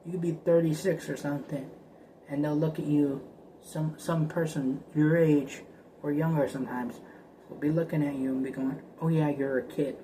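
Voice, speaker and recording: A man's voice: fairly high pitch, steady tone, normal speed, warm tone, a little hiss or hum, poor audio. A man ranting casually to camera, profane and repetitive, often stammering and restarting. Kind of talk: casual rambling rant.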